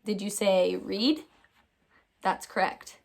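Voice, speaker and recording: Woman teacher, mid-pitch, cheerful, drawn-out phonics sounds for little kids. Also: expressive. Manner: upbeat, exaggerated sounding-out, calls students my friends. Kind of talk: phonics lesson for young children.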